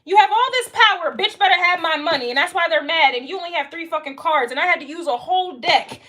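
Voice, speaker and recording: A woman's voice: very high-pitched, lively intonation, quick pace, sharp tone. A young woman doing a casual tarot reading, blunt, emphatic and profane. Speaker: tarot reader.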